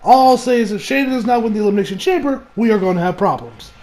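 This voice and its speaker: A young man chatting casually as an anime reviewer, excitable and profane, laughing a lot, into a new home mic. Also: high voice, fast talker. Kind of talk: casual chat.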